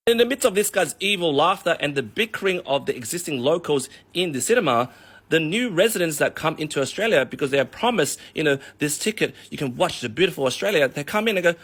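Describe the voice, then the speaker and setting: A man who works as a mortgage broker, ranting in a profane, animated way on a casual vlog. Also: a little high, fast.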